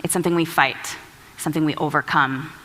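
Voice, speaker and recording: A woman's voice: deep voice, steady tone, a little fast, pushed and bright. A woman from California giving a prepared talk in a reflective, storytelling manner. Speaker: speaker. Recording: long hall reverb.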